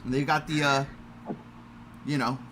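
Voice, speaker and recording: A man hosting a podcast livestream in a casual, energetic, self-mocking way. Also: medium pitch, unhurried, slight background noise. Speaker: podcast host.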